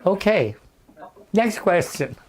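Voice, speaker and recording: A man in his eighties, a veteran actor being interviewed over a video call from his home, telling stories in an unhurried way and acting out the voices of the people in them. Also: high-pitched, very animated, background noise. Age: 80s. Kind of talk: anecdotal storytelling.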